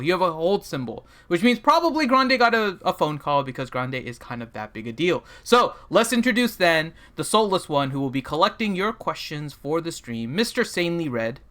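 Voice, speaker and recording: A man's voice: a little high, animated, fairly quick, few pauses, a bit bright. A man hosting a casual gaming livestream, joking and rambling with plenty of fillers as he introduces people and reviews a game roster.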